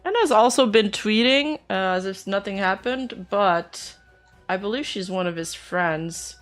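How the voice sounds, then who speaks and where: A woman's voice: mid-range voice, measured pace, soft background music. A woman streamer chatting casually as she reacts to news, laughing often and speaking bluntly. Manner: laughs often, counts under her breath, blunt and sweary. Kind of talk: casual live-stream chat.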